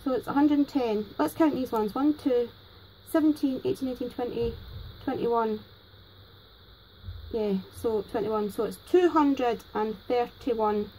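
A Scottish woman hosting a crafting vlog, gushing excitedly and a bit nervously over gifts. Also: a little high, a little slow, slight background noise, rough recording. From Scotland. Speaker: crafting channel host. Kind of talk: casual unboxing vlog.

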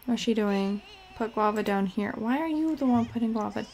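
A woman's voice: fairly high pitch, normal speed, darkish tone. A young woman casually commenting as she plays a life-simulation game, chatty and scattered, bossing her game characters around. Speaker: let's play host.

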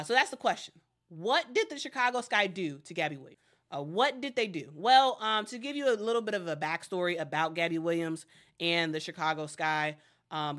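A woman's voice: lowish voice, a bit bright. A woman hosting casual sports commentary, chatty and addressing viewers directly, often restarting her sentences.

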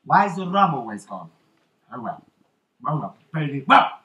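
A man's voice: on the high side, very animated, normal speed, bright, forceful tone, roomy sound. An actor playing a swaggering, rum-loving male pirate captain in a live children's stage show, teasing and calling out to the crowd. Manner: theatrical, teasing, calls out to the crowd. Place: theatre stage.

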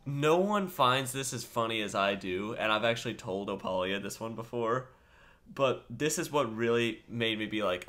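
A man's voice: medium pitch, expressive, normal speed, fairly bright tone. A man co-hosting a podcast, telling a story in casual chat and laughing often. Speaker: podcast co-host.

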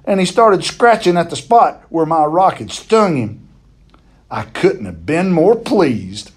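A man's voice: high-pitched, animated, measured pace, a little mellow. A man reading a novel chapter aloud, telling it expressively and now and then stumbling and repeating a word.

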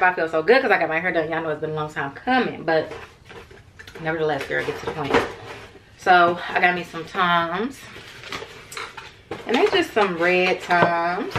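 A woman's voice: on the low side, heavy background noise. A young woman vlogging in a casual, rambling way, tired and chatting to her viewers as "y'all". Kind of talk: casual vlog chat to camera.

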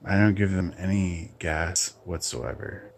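A man hosting his own channel, ranting bluntly in a casual, halting monologue. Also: sits low, fairly even intonation, slight background noise. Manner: blunt, opinionated, halting with restarts. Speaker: channel host.

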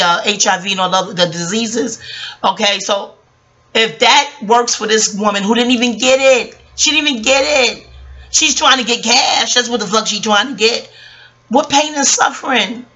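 A woman's voice: a little high, sharp tone. A woman in her forties ranting on a vlog, passionate and swearing, rambling between jokes and asides. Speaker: vlogger. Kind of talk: profane commentary rant.

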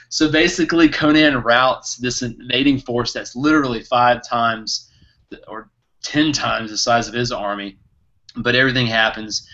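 A man co-hosting a podcast, excitedly retelling a story in a casual book chat with lots of laughter. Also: medium pitch. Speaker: podcast co-host. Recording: muffled lo-fi recording.

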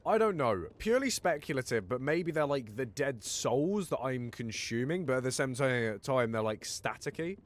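A man's voice: medium pitch, moderate pace, few pauses. Guy doing let's play commentary, voice jumps all over, swears loads, chatters at the game. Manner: excitable and sweary, talks to himself and the game. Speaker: gamer playing with friends.

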